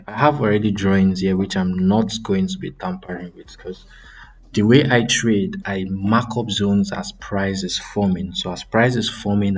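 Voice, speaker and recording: A man's voice: low voice, husky. A young man hosting a trading channel, casually talking through a live screen-share trade breakdown with frequent ums and self-corrections.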